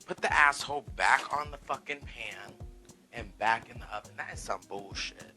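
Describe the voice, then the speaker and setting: A man's voice: mid-range voice, normal speed, bright, forceful tone, soft background music, poor audio. A man hosting a casual home cooking vlog, sassy and profane, calling viewers "girl" and "honey". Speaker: cooking vlogger. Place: home kitchen.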